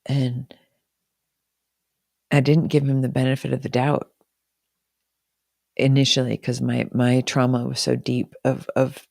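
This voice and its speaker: A woman's voice: rumbling low, gravelly, a little mellow, no echo, clean studio sound. A woman talking casually and emotionally on a live stream from home, swearing freely and speaking openly.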